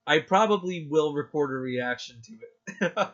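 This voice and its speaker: A man co-hosting a podcast in casual chat, excitable and gushing, acting out his own reactions. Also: on the high side, normal speed, muffled recording. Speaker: podcast co-host.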